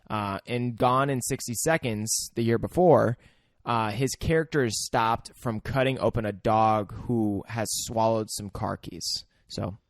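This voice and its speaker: A man's voice: on the low side, no room sound, clean studio sound. A man co-hosting a podcast, chatting casually and sharing film trivia with lots of filler words. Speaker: podcast co-host. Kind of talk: casual movie chat.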